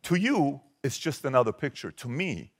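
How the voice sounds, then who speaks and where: An emphatic man in his forties from Iran addresses a live audience as a motivational speaker. His pitch sits in the middle of the range and swings widely as he presses the crowd with rhetorical questions. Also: very animated, normal speed, breathy edge. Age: 40s.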